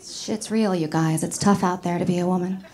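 A woman's voice: on the low side, steady tone, moderate pace, warm tone. A middle-aged woman from New York doing a stand-up comedy set, chatty and self-mocking, laughing at her own jokes. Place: comedy club stage with live audience.

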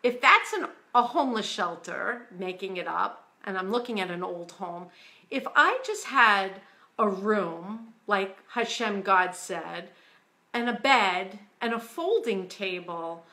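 Woman, personal testimony, unhurried, bright-toned voice, earnest. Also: medium pitch. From United States. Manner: slow, earnest storytelling, quiet and hushed when quoting God; emotional. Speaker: author.

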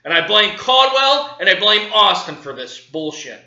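In this angry fan rant, a male sports vlogger curses and says the same things over and over, absolutely livid about his football team. His high, sharp voice swings widely in pitch at a moderate pace, and the echoey audio has its highs cut off.

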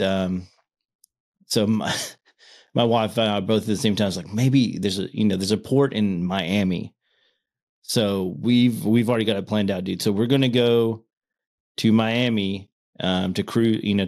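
A man in his thirties chatting casually on a podcast, stumbling and restarting his words when excited, laughing often. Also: fairly low pitch, measured pace. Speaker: podcast co-host. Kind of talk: casual chat.

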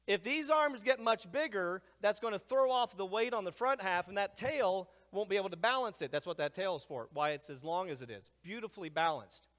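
Speaking in a large hall full of long reverb, a man gives an animated lecture to a live crowd. His slightly high voice is full of energy, swinging between loud asides and near-whispered remarks.

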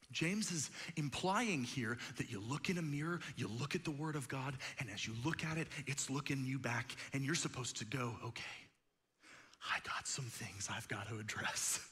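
A man preaching a sermon as pastor, conversational and animated, acting out quotes and joking asides. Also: mid-range voice, normal speed, slightly rough, big-room sound. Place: church auditorium.

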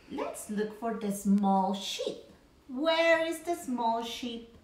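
A woman slowly teaching a toddler animal names, with a sing-song voice, gasps of surprise and animal sounds. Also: a little high, big pitch swings. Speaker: parent educator. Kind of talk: slow playful teaching for a toddler. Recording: echoey room with faint noise.

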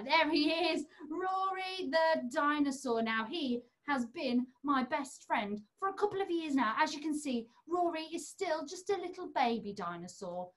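A young woman hosting an online children's magic show, talking playfully and coaxingly to young kids and a puppet. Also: high voice.

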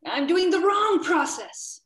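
A woman from the southern United States runs an online workshop session, keeping it lively and playful as she keeps asking the group questions. Her voice sits high, and it comes over a video call from an echoey room. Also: slow pace. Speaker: workshop trainer. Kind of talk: interactive online teaching.

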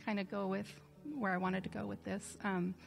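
A woman with a gravelly, fry-tinged voice speaks casually to her church congregation. She talks with frequent hesitations and small laughs. Soft music plays behind her. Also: mid-range voice, little pitch movement, moderate pace. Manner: informal, hesitant, many ums, light laughs. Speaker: church member addressing the congregation. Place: church sanctuary.

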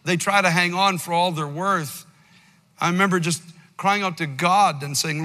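A man in his sixties preaching a sermon as pastor, with passionate swings between loud climaxes and quiet pleading. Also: sits high, moderate pace, in a large hall. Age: 60s. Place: large church hall.

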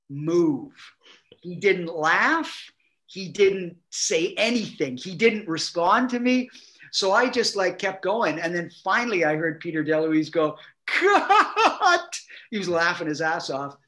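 A middle-aged man, a guest actor, telling animated anecdotes and acting out quotes with laughter. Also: sits high, a little slow. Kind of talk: anecdotal storytelling.

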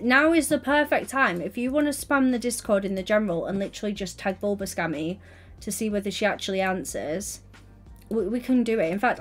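A young woman streaming, chatting casually and teasingly while building in a game. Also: medium pitch. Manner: teasing, giggly, playful.

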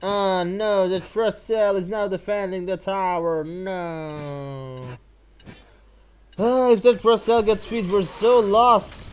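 A man giving excitable gameplay commentary while playing, whooping, swearing and exclaiming often. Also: high-pitched, a little slow, few pauses. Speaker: channel host playing a mobile game.

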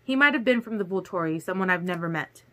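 Woman reading as a tense, clipped young vampire man, bright tone. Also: expressive, fast talker, a little hiss or hum. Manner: low, hard and clipped.

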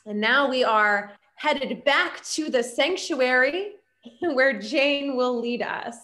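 A woman leads a church service with a gentle, reflective manner. She speaks slowly and deliberately. Her voice is bright and fairly high.

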